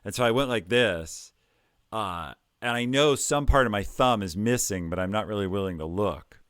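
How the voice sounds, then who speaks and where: Calm, low-voiced middle-aged man from Ohio. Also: dry recording, clean studio sound. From Ohio, United States. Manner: calm, measured, hesitant with fillers. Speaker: podcast guest, tech executive. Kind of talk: conversational storytelling.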